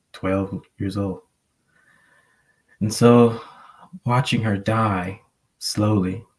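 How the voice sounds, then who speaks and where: A man's voice: on the low side, darkish tone. A man sharing a personal story earnestly on a panel, rambling with many fillers. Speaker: panel guest.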